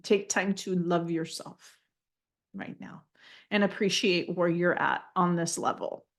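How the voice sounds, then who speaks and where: Low-voiced woman relaying gentle channeled messages. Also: fairly even intonation, measured pace. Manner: gentle and affirming, repeats phrases as she relays messages. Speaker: psychic channeler giving a reading. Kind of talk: live channeled spiritual reading.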